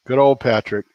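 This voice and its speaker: A man's voice: medium pitch, no echo, lo-fi sound. A man hosting a casual cooking livestream, rambling and chuckling as he chats with viewers. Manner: laid-back, rambling, chuckling often. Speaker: cooking channel host on a livestream.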